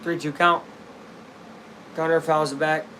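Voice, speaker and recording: A young man with a bright, high voice rambles through casual live baseball commentary. He drifts into chatty asides and then erupts into shouts when a big play lands. A faint air-conditioner hum sits under his voice. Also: level tone, a little slow. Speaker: fan streamer watching the game live.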